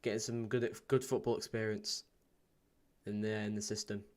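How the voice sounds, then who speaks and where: A man hosting a live football watchalong stream. He chats casually, reads out viewer comments with plenty of ums, and breaks into excited play-by-play. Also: on the low side, normal speed. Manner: bursts into excited play-by-play at goals. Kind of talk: live match watchalong chat.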